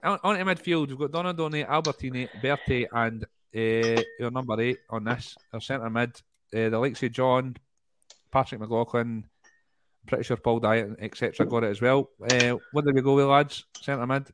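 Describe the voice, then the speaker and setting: A man's voice: medium pitch, normal speed, background noise. A man hosting a casual podcast quiz, reading out answers with plenty of laughing, swearing and banter. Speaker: quizmaster and podcast host.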